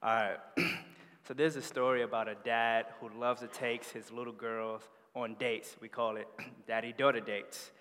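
A man preaching a sermon, telling stories in an animated way that builds in energy. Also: medium pitch, measured pace. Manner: animated storytelling with rising energy. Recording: long hall reverb.

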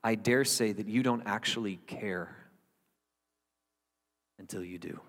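A man's voice: lowish voice, a little slow, fairly bright tone, big-room sound. A man preaching a sermon as the pastor, earnest and conversational, with wry asides to his congregation.

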